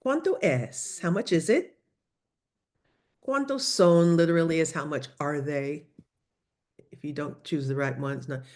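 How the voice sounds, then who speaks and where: A woman teaching a lively online language lesson, coaching students through phrases over a video call. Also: low-pitched, unhurried, pauses often. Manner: lively, coaching, switches between English and Spanish phrases. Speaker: Spanish teacher.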